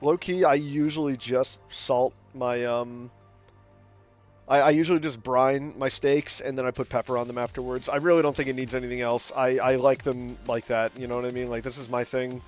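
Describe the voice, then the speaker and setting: A young man streaming from home, talking casually and rambling through his stories with plenty of filler and profanity. His voice sits at a middle pitch, and faint music plays underneath. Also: moderate pace. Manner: gets loud and animated when ranting. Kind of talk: casual stream chat while drawing.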